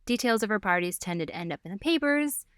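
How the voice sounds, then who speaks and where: A woman's voice: mid-range voice, animated, fast talker, clear, resonant tone, dry recording, clean studio sound. Giggly podcast host woman. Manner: giggly storyteller, playful asides. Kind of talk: casual history chat.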